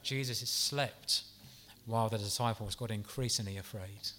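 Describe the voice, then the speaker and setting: A man preaching a sermon in an earnest, gentle, pastoral way, with soft asides and the odd restart. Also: lowish voice, normal speed.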